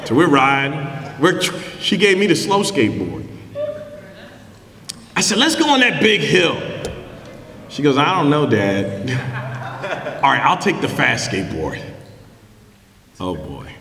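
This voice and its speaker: A middle-aged male pastor preaching a sermon, telling stories with bursts of shouting. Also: a little high, unhurried, creaky, long pauses. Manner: animated storytelling, shouting for emphasis. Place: large church hall. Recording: echoey church hall.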